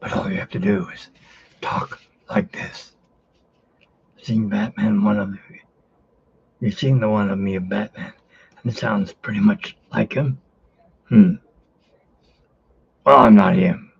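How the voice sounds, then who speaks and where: A man doing an impression of a grim caped vigilante in a slow, strained, whispery growl. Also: on the low side, steady tone, vocal fry, slightly rough, highs cut off, heavily acted. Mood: gruff. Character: grim gravel-voiced male caped vigilante.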